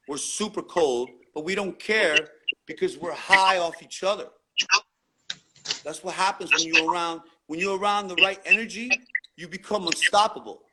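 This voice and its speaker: A man telling graffiti stories in a casual interview, laid-back and swearing freely in street slang. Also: a little high. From New York. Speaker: graffiti writer being interviewed. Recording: loud background noise.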